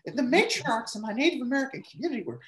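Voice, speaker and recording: A man doing a mocking impression of an older woman politician, pitched well above his own voice. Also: very animated, quick pace, a bit bright, distant mic, full character voice. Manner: mocking, exaggerated.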